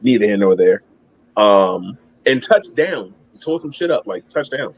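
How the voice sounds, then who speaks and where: A man's voice: lowish voice, sing-song, a little slow, highs cut off. A man telling a long, rambling story in casual chat, swearing and laughing at himself. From Maryland. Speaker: guest.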